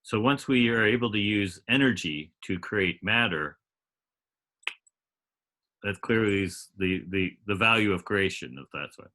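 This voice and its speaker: A man's voice: lowish voice, unhurried, pushed and bright. A man in a casual group call, thinking aloud with many restarts and fillers. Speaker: call participant.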